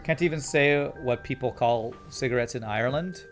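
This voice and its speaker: Man, from Canada, game streamer, mock-polite, apologetic, mid pitch, faint game music. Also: normal speed. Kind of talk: live game commentary reading chat.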